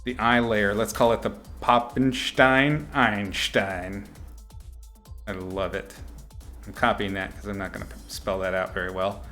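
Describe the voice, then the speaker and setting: Laid-back male artist streaming, low voice. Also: unhurried, soft background music. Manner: relaxed, chatty, laughs often, reads out chat names. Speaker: artist streaming a painting lesson. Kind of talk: casual live-stream commentary while painting.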